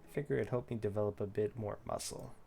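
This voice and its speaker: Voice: mid-range voice, fairly even intonation, quick pace, vocal fry, dark tone, slight background noise, natural voice. A game streamer voicing a cheerful, dopey, sporty adult man in a video game voice-over.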